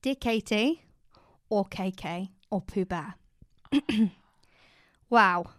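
A British woman co-hosting a podcast, chatting casually and reading a letter aloud in a gentle, reassuring way. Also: mid-range voice, drawn-out words, dry recording, clean studio sound. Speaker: podcast co-host.

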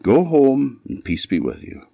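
A man with an Orkney accent voicing a calm, gracious magic golden fish that speaks in a gentle, measured way. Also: mid-range voice, creaky, pitched above the performer's own voice, exaggerated voice. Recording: dull lo-fi sound.

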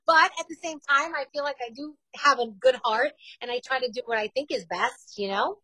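A woman's voice: sits high, a little fast, sharp tone, dry recording, low-quality recording. A woman in her forties with a New York accent, a radio host talking candidly and chattily in an interview, laughing easily. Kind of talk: casual interview chat.

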